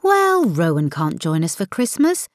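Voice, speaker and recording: A woman voicing an eager, romantic wife who coaxes and pleads in a raised, lively voice. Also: lowish voice, unhurried, dry recording, studio quality. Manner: eager, pleading, bright-toned.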